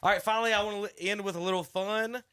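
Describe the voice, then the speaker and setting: A middle-aged man, hosting sports talk radio and telling a rambling, animated coaching story with many restarts. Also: sits high, fast talker, clear, resonant tone, no room sound, studio quality. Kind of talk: casual radio chat narrating a video clip. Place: radio studio.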